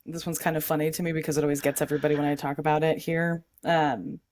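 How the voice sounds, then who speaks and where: A woman's voice: deep voice, little pitch movement, fast talker, a little mellow, a little hiss or hum. Chill woman on a podcast, rambly stories, laughs a lot. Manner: easygoing, rambling with fillers, laughs easily. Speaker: podcast guest. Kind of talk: casual chat.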